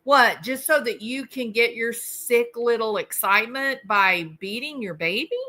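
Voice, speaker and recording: Female host, slow and deliberate, bright tone, outraged commentary. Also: a little high. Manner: indignant, emphatic, repeats words for stress. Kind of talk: casual commentary.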